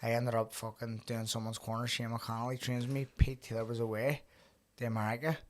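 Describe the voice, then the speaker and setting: A young man hosting a podcast in a relaxed, easygoing way. He's a boxer who drops swear words casually and spins stories from the ring. His voice sits at an ordinary, middling pitch. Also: a little fast. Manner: laid-back, swears freely, tells stories. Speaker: podcast host and pro boxer.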